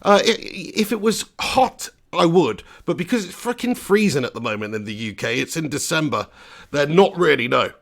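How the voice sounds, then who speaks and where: Gravelly man hosting a football watch-along. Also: on the high side, moderate pace. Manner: chatty, bursts into excited play-by-play. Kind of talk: live commentary and chat reading.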